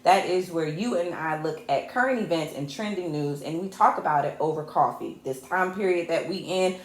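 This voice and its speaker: A woman's voice: low voice, moderate pace. Fired-up woman host, echoey room. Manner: impassioned and fired up, mixing jokes with anger; chatty, addresses viewers as y'all. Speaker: host and technical producer. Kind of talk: livestreamed talk show monologue. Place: home show set. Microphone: camera mic.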